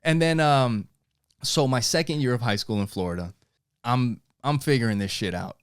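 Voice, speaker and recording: A young man with a New York accent, telling a profane, animated story in casual podcast chat and acting out the quotes. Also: medium pitch, normal speed, clear, resonant tone, no room sound, studio quality. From New York (Queens). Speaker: podcast host.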